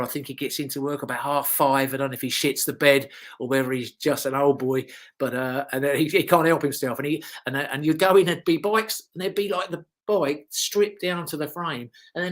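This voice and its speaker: A British man in his fifties, a former motocross rider, telling casual anecdotes in an interview with lots of fillers and the odd swear word. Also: on the high side. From United Kingdom. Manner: rambling storyteller, frequent fillers and swearing.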